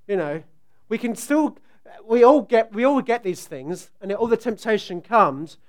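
A middle-aged man preaching a conversational sermon, joking with the congregation and asking them questions. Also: high-pitched. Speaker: pastor.

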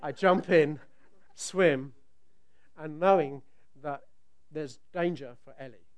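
A middle-aged man delivers a sermon in a smooth, resonant voice that sits a little high. He tells stories with animated swings, now and then bursting loud as he acts out a scene. He sounds like he is speaking to a church congregation on a microphone. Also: slow pace, muffled recording. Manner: animated storytelling, rising to loud outbursts when acting out scenes. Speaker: preacher.

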